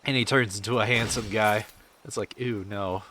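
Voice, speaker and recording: A man's voice: lowish voice, steady tone, moderate pace, noisy background. A man chatting casually on a game stream, rambling and swearing as he answers chat.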